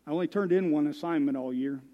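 A man's voice: fairly high pitch, fast talker, in a large hall, narrow, tinny audio. A man preaching as a guest speaker, folksy and self-deprecating, telling stories. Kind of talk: sermon. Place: church.

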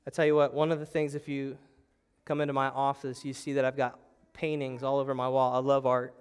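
A man's voice: medium pitch, little pitch movement, a little fast, smooth. A young adult man preaching a sermon as pastor, telling the story with animation and acting out panicked voices. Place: church sanctuary.

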